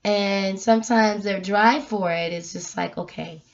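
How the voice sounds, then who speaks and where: Woman vlogger preaching casually, slow and emphatic, highish voice, kinda muffled lo-fi audio. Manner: animated, emphatic, storytelling. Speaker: vlogger giving a faith message. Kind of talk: casual spiritual talk to camera. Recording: dull lo-fi recording.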